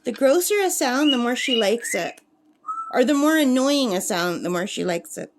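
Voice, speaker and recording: A woman's voice: fairly high pitch, lively intonation, normal speed, a little hiss or hum. A woman chatting casually to camera at a lakeside camp, laughing often and cooing at her pet bird. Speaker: craft vlogger.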